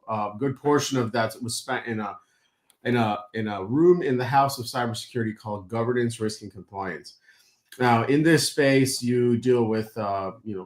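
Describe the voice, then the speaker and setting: Rambling man in a roomy echo. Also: mid-range voice. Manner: rambling, many fillers and restarts. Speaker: co-host, company founder. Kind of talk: explaining at length.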